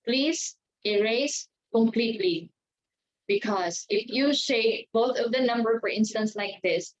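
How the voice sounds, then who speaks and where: Slow, deliberate woman teaching test tips. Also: on the high side, slight background noise. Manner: slow, deliberate, checks in with "okay" and "right". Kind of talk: exam tips lesson. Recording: dull lo-fi sound.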